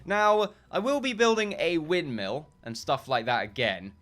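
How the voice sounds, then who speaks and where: A man's voice: a little high, big pitch swings, unhurried, a bit bright. A man giving casual gameplay commentary, rambling and correcting himself often, with short chuckles.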